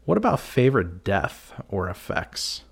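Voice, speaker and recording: A man hosting a casual film-review podcast, relaxed and laughing often as he retells scenes. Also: fairly low pitch, measured pace, creaky, breathy edge. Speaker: podcast host. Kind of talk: casual chat.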